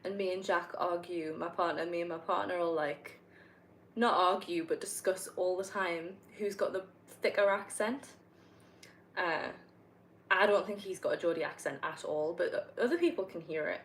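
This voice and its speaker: A young woman from North East England, speaking with a Northumbrian accent, chats and rambles casually as she plays a game and fields viewer questions. Her voice sits fairly low and moves at a normal speed, and she laughs often. The recording is rough.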